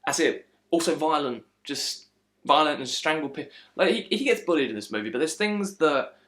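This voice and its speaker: A man's voice: on the high side, animated, normal speed, fairly bright tone. A man giving a casual, frustrated film critique, slipping into mocking impressions. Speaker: film reviewer.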